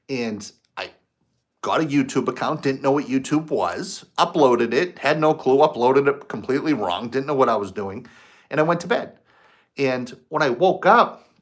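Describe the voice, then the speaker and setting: A medium-pitched, slightly bright male voice belongs to the host of a spiritual livestream. He greets the audience and relaxes into a chatty story, voicing his past self's lines as he goes.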